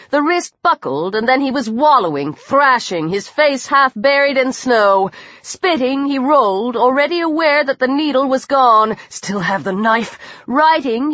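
A woman narrating an audiobook in a tense, even storytelling manner. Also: fairly high pitch, no room sound. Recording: dull, dry lo-fi recording.

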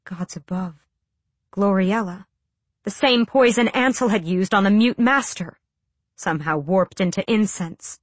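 A woman's voice: medium pitch, measured pace, no room sound. A woman narrating a fantasy audiobook with a dramatic, tense delivery.

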